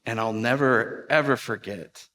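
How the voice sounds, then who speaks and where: A man pastor telling a lively personal story in a sermon, racing through the exciting parts and dropping to a hush for the tense ones. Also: medium pitch. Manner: animated storyteller, quick bursts and hushed asides. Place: church sanctuary.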